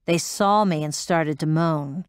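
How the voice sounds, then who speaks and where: A hardened former military pilot, blunt and profane, defensive when pressed. Her voice sits low for a woman, recorded dry and close for an audiobook drama. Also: a little slow, clear, resonant tone, no room sound. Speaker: interviewee.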